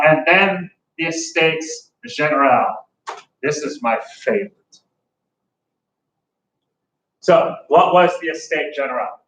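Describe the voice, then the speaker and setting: A man's voice: fairly high pitch, fairly bright tone, far from the mic. A man teaching a history class in a conversational way, now and then acting out the voices of ordinary people. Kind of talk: classroom lecture. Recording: echoey room, speaker off-mic, faint room noise.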